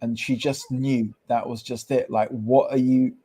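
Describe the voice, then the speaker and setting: Mellow-voiced man chatting, "bro" every few lines. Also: medium pitch, unhurried, breathy edge. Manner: animated, keeps saying "bro" and "right?". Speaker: podcast co-host. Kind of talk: casual chat. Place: podcast studio.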